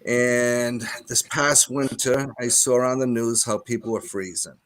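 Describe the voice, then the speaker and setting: A man's voice: mid-range voice, steady tone, measured pace, dry recording. An older man with a Rhode Island accent, chatting earnestly as a guest on a talk show. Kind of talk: casual chat.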